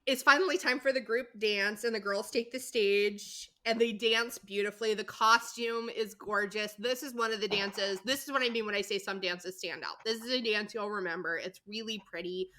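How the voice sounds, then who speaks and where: Bright-voiced woman recapping a show. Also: mid-range voice, normal speed, hardly any pauses. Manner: candid, exasperated, swears and laughs while recapping. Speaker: podcast co-host recapping episodes. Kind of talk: casual chat.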